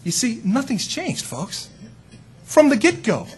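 Animated raspy-voiced male preacher. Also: very high-pitched, unhurried. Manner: animated, conversational, rhetorical questions. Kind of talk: sermon.

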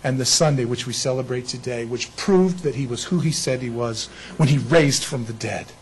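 A man preaching an Easter sermon in a lively way, acting out the people in the story. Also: medium pitch, moderate pace, poor audio. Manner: animated, acts out bible figures. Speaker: pastor.

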